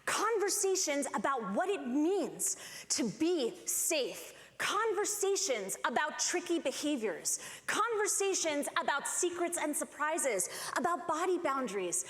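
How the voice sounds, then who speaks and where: A high, lively woman tells a personal story to a conference audience, her pitch leaping as she acts out the people she quotes. The sound is roomy, with a long hall reverb trailing each phrase. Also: a little slow. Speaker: conference speaker. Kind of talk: storytelling keynote talk.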